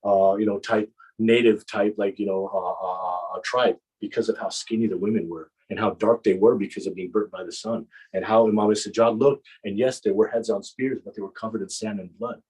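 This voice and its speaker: A man narrating a Muharram mourning sermon with impassioned storytelling, repeating phrases for emphasis and often halting mid-sentence. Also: lowish voice, steady tone, a little mellow, slightly rough, poor audio. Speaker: majlis speaker.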